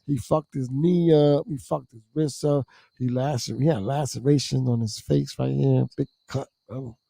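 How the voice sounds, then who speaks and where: A man telling a profane, animated story as a guest in casual chat, acting out quotes, on a close mic. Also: mid-range voice, normal speed, creaky, no room sound.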